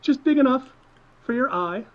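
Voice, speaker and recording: A man's voice: very high-pitched, animated, moderate pace, a bit bright. A man playing a tabletop game, talking hesitantly with stammering restarts, on a muffled lo-fi recording. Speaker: player. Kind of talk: casual tabletop game play. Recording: muffled lo-fi audio.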